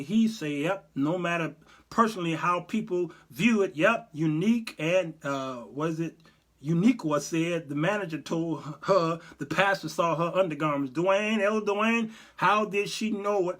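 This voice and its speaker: Animated preachy man on a livestream. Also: fairly high pitch. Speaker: host and Bible teacher. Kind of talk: livestream commentary.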